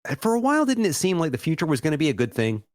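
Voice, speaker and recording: A man's voice: a little high, big pitch swings, racing, no echo, clean studio sound. An American man in his thirties co-hosting a podcast, chatting casually with a profane, self-mocking, rambling manner. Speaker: podcast co-host.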